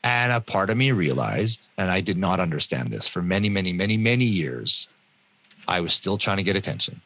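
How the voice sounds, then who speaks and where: Animated husky Canadian man. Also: deep voice, brisk, no echo. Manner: animated, acts out other people's lines. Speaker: guest. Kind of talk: personal storytelling in an interview.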